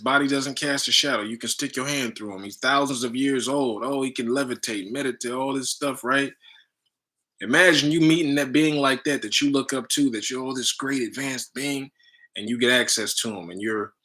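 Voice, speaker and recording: A man's voice: medium pitch, steady tone, moderate pace, sharp tone. A man and spiritual teacher telling a story in loose, slangy casual talk, full of "you know" and "right?".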